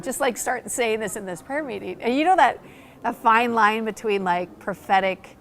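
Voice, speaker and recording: A woman pastor telling a story in conversation, animated and excited, acting out quoted lines, with frequent "like" fillers. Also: fairly high pitch, normal speed. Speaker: pastor and church planter.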